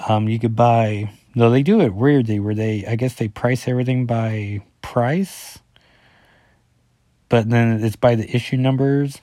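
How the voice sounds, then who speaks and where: A man's voice: mid-range voice, mellow, no echo, studio quality. A man, a father, reviewing a comic book in a casual, rambling solo talk, full of fillers and self-corrections as he reads through the issue.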